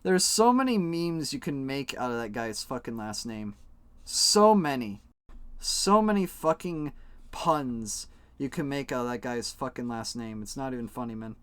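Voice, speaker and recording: A man's voice: mid-range voice, animated, unhurried, clear, resonant tone, dry recording. A young man streaming, chatting casually to his viewers while coloring flags, rambling, joking and swearing freely. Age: young adult. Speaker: live streamer.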